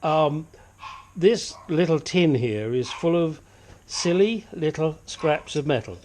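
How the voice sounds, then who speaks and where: A man's voice: on the high side, expressive, takes it slowly, darkish tone, slight background noise. A man gives a casual, hands-on repair tutorial from his home workshop. He talks chattily and drops joking asides as he works. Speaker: DIY car repair vlogger.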